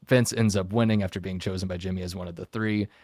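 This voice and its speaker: A man's voice: low voice, fairly even intonation, fast, a little mellow, no room sound, clean studio sound. A man hosting a casual podcast discussion, recapping a reality show in a chatty way with frequent fillers. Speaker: podcast host.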